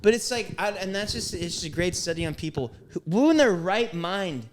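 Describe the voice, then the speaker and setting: A man co-hosting a podcast, telling a story in casual chat, animated and profane with lots of fillers. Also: sits high, fairly quick, a loud crowd. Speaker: podcast co-host.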